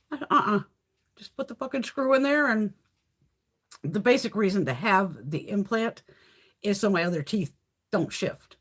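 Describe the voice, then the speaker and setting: A husky woman chats casually on her beauty livestream, swearing freely and snarking as she tells stories. Her pitch jumps up and down a lot while she talks. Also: expressive, moderate pace, long pauses, fairly bright tone. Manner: blunt, profane storytelling with snarky asides. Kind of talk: casual chat.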